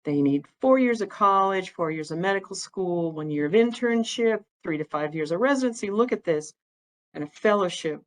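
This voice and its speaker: A woman working as an ophthalmic imager gives a plain-spoken, chatty educational talk about eye care, an informal presentation with slides. Her voice is on the low side and the recording is rough.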